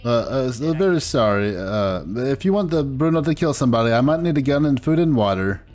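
A man's voice: mid-range voice, animated, a little fast, a little mellow, faint music behind, natural voice. A man voicing Bruno, a bumbling, polite Italian man with a put-on Italian accent and broken English who keeps apologizing. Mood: apologetic. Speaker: roleplay player. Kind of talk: voiced online roleplay in character.

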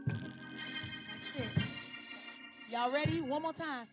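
A woman's voice: sits high, huge pitch swings, normal speed, long pauses. A young woman leading youth worship, calling out chants and then talking casually with the congregation in a church service. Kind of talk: call-and-response worship and sermon. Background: loud worship music.

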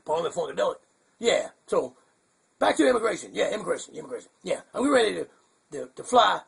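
A man's voice: high-pitched, sing-song, quick pace, gravelly, husky, heavily acted. A man voicing a goofy, confused male bird puppet who rambles in a muddled, chuckling way on a puppet comedy show. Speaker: hand puppet co-host.

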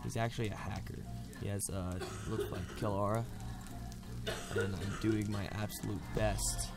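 Man, gravelly voice, raging gameplay commentary, heavy swearing, loud game music behind. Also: fairly low pitch, fairly even intonation, moderate pace. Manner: swears a lot, rages and yells at an opponent. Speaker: gamer.

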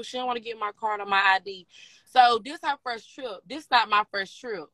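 A woman talks through a story bluntly and heatedly, swearing all the way. Her voice is bright and forceful. The sound is dry and close, with no room around it. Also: a little high, normal speed, no room sound, rough recording. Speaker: storyteller recounting a fight. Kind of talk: casual profane storytelling.

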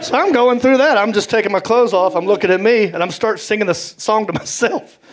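A middle-aged man with a Southern US accent telling animated stand-up stories on stage, acting out the voices he quotes. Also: sits high, a little fast. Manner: animated, acts out voices, drawling. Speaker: stand-up comedian. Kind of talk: stand-up storytelling. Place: comedy stage. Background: audience laughter.

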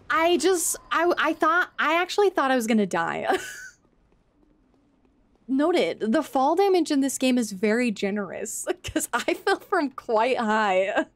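High, lively-voiced woman streamer. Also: slow pace, long pauses. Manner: playful, reactive, swears and laughs often, talks to chat. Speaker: game streamer. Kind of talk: live gameplay commentary.

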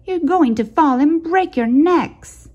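A woman's voice: sits high, expressive, takes it slowly, a little mellow, lo-fi sound, pitched above the performer's own voice. A woman voicing a stern mother bird who scolds the chicks in a raised, strict voice while reading a picture book aloud. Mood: scolding.

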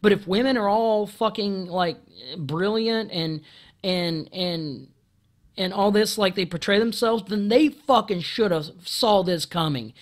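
A man delivering an angry, profane monologue rant into a camera, stumbling over restarts and often clearing his throat, with loud outbursts. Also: sits high, a little slow. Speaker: video commentator.

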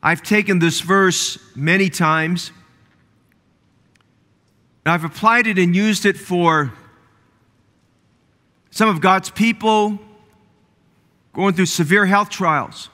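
A man's voice: high-pitched, slow pace, long pauses, pushed and bright, in a large hall. A man preaching a sermon as pastor, building fervor and repeating phrases for emphasis. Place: church sanctuary.

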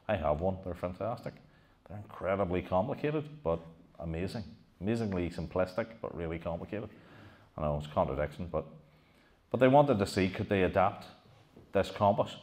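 A middle-aged man with a very low voice, lecturing a live audience. He talks with animation, throws questions out to the listeners and keeps doubling back on his own phrases. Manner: animated, rhetorical questions, frequent restarts. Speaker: lecturer giving a museum talk. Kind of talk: public history talk to an audience.

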